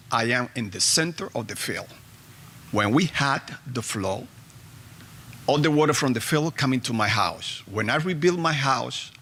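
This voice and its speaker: A man's voice: medium pitch, sharp tone. A man giving an earnest public comment at a meeting, with slightly non-native phrasing.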